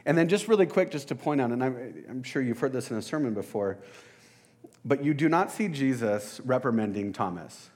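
A man's voice: medium pitch, animated, moderate pace, darkish tone. Guy giving a laid-back sermon, regular mid voice, chatty and kinda self-deprecating. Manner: conversational, self-deprecating, addresses listeners as "you guys". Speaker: preacher. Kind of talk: casual sermon.

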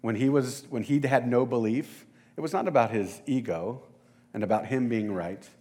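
A man's voice: mid-range voice, moderate pace, dark tone. Casual conversational male preacher. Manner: conversational, self-deprecating, addresses listeners as "you guys". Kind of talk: casual sermon.

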